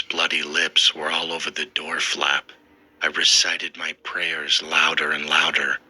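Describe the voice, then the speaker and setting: A man narrating a scary first-person story in a steady, scripted way. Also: extremely low pitch, measured pace, husky, low-quality recording.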